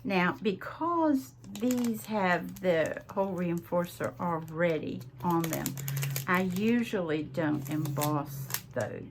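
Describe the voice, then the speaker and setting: A Southern US woman hosts a crafting vlog from her home craft desk, chatting casually in a drawn-out way and laughing often. Her voice sits on the low side and sounds animated, with background noise in the recording.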